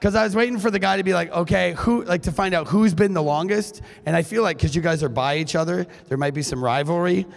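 A hoarse man in his forties from Minnesota giving a joking, chatty keynote talk on a stage microphone in a large school hall. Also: high-pitched, fast, hardly any pauses. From Duluth, Minnesota, USA. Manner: joking, chatty, with frequent fillers. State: hoarse, recovering from lost voice. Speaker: conference keynote speaker. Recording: long reverb of a large hall.

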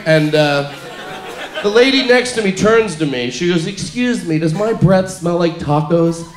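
Male stand-up comedian, high lively voice, live club recording with room echo and audience noise. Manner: mock-earnest, acting out quoted people. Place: comedy club stage before a laughing audience.

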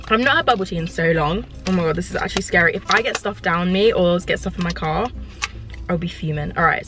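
Woman, lifestyle vlogger type, chatty and excitable, talking from her car at a mid pitch. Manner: chatty and excitable, lots of "like" fillers. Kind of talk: casual vlog chat to camera. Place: inside a parked car.

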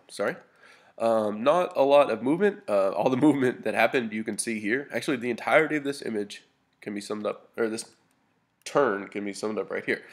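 A man with a somewhat low, gravelly voice walks through a tabletop battle report in a relaxed, casual way. He sounds a little sniffly and stumbles through fillers and restarts, slipping in dry humor as he talks. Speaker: hobby gamer reporting a battle. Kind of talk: casual narrated battle report over photos.

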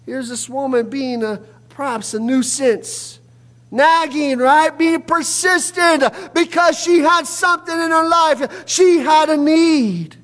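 A man preaching a fervent sermon as pastor, with frequent "uh" fillers and bursts of shouting. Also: very high-pitched, measured pace. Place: church sanctuary. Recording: long hall reverb from a church.

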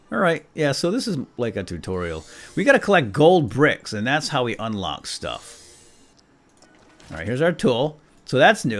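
Bright, lively male gamer. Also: lowish voice. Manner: excitable, exclamatory, jokey. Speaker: let's play gamer. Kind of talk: casual gameplay commentary.

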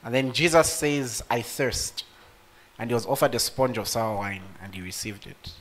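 Bright-voiced man preaching with fervor. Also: mid-range voice, animated, a little fast. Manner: preaching with sudden loud emotional peaks; speaks directly to the congregation. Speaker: pastor. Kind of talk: sermon.

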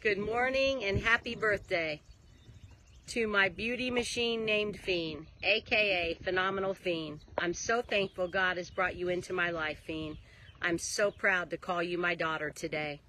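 A woman with a bright, forceful tone reads heartfelt prepared words. A faint hiss sits under her voice. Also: fairly low pitch, steady tone, measured pace. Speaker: mother-in-law giving birthday wishes. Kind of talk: recorded video message.

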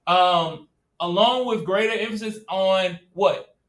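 A male teacher with a high, slightly bright voice lectures at a slow pace, keeping it casual and direct and checking often that students are following. The room echoes, and at times he's far from the mic.

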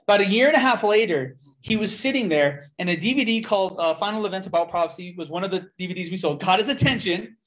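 A young man giving a testimony in a church, telling his story with lively quoted dialogue. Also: high-pitched, fast, few pauses. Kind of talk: testimony sermon.

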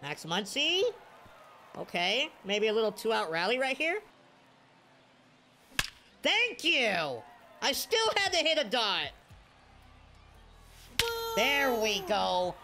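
A young man giving live commentary over his own gameplay, swinging from quiet mutters to sudden shouts. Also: sits high, sing-song, slow pace, pauses often, background noise. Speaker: gaming video creator.

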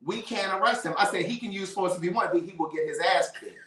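A man hosting a casual chat, retelling a heated family fight in an animated, profane and emphatic way. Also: high-pitched, quick pace, reverberant, distant mic. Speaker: host.

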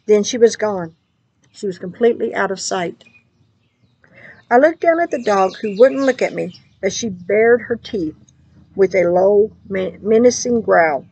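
A woman's voice: medium pitch, normal speed, a little mellow, breathy edge, low-quality recording. A woman praying fervently and then recounting a dream. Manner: fervent spoken prayer. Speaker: dream teller.

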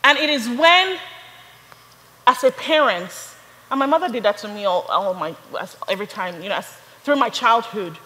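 A young adult woman preaching a sermon, building from storytelling to fervent, shouted praise. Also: fairly high pitch, lively intonation, normal speed, long reverb tail, rough recording.

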